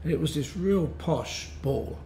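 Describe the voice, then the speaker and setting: A man in his fifties tells cheeky anecdotes in a rambling way, laughing often and restarting his sentences. His voice sits a touch higher than most men's. The room gives it a roomy echo, with a faint hiss behind it. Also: a little slow, dark tone. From London. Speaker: musician, interview guest. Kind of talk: casual anecdotal storytelling. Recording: roomy with faint background noise.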